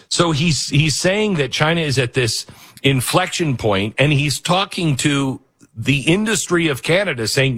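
A husky man hosts a casual talk show, pitch leaping up and down as he mocks what he reads. He laughs at his own jokes and riffs loosely between reading out stories. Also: sing-song, unhurried, a bit bright. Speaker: show host.

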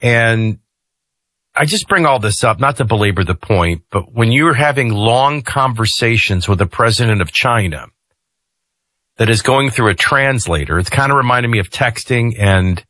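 With lively intonation and a moderate pace, a male talk radio host holds forth in a forceful, low, somewhat husky voice. He keeps things loose and conversational with jokey asides. The audio comes close and dry from a studio mic, with no echo.

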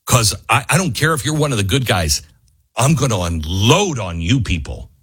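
A man hosts a talk radio show with a husky, slightly rough voice. His pitch leaps and dips widely as he presses his points with fiery conviction. The sound is dry and close to the mic. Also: very animated, no room sound. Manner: fiery, rising to near-yelling, then quick ad reads. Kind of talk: impassioned political talk radio monologue.

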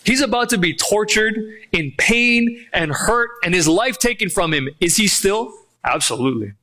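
A man preaching a sermon as pastor, emphatic, asking rhetorical questions and slowing down on key phrases. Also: sits high, animated, bright, forceful tone.

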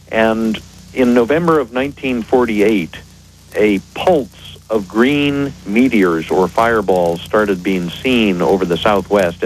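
A man appearing as an expert guest on a radio show, explaining in a measured, precise way. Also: fairly low pitch, a little hiss or hum, low-quality recording.

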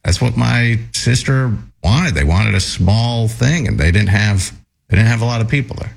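A man's voice: moderate pace, creaky. A man hosting a radio talk show, teasing his co-hosts and reading listener messages aloud. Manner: teasing, reads messages aloud with lively pitch.

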